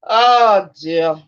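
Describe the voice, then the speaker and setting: Taunting woman on a lo-fi stream. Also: mid-range voice. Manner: taunting, confrontational, slangy. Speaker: livestream host. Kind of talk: casual livestream rant. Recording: dull lo-fi stream audio.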